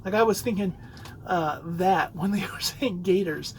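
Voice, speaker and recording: A man's voice: high voice, a little slow, slight background noise, poor audio. Rambling male podcaster telling a story. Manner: rambling storytelling with many fillers and restarts. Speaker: podcast host. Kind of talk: casual solo podcast talk.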